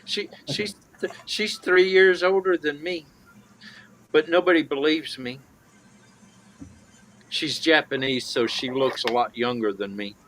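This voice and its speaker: A man's voice: a little high, a little slow, pauses often, fairly bright tone, slight background noise, low-quality recording. A man from Alabama with a Southern accent, chatting casually as a guest and laughing often. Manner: laughs often, stumbles on starts. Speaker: guest on a livestream. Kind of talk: casual chat.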